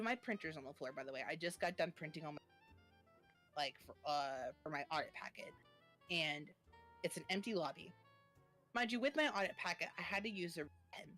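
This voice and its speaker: A woman's voice: lowish voice, a bit bright. Chatty woman telling a story. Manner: chatty, lots of fillers. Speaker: streamer guest. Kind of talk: casual storytelling chat.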